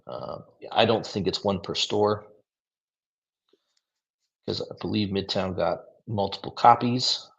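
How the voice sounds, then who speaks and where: A man's voice: sits low, slow pace, gravelly, pauses often, husky. A tired man giving a casual, rambling livestream review of new comics, with lots of fillers. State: tired, yawning.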